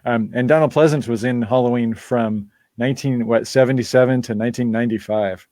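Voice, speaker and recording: A man's voice: mid-range voice, fairly even intonation, a little fast, darkish tone, dry recording. A man hosting a live-stream Q&A in casual chat, rambling through asides and laughing often. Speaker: band member hosting a live Q&A.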